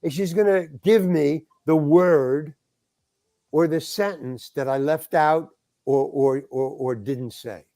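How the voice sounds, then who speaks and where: A man's voice: a little high, slow, mellow, no echo, studio quality. An older man telling a rambling story in casual talk, restarting his sentences and acting out the voices of the people in it. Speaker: guest actor telling a story. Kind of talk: casual anecdote.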